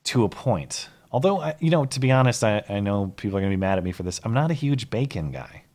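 A young man with a hoarse, fading voice, co-hosting a live call-in podcast and rambling casually through restarts. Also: on the low side, expressive, quick pace, darkish tone. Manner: rambling, self-deprecating, many restarts. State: hoarse, losing his voice. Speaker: podcast co-host.

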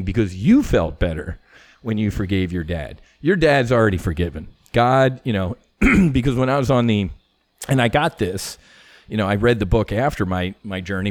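A middle-aged man, a former fighter pilot, telling stories as a podcast guest in a casual, animated way, swearing freely and full of "you know" fillers. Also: on the low side, no echo. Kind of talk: casual conversational storytelling.

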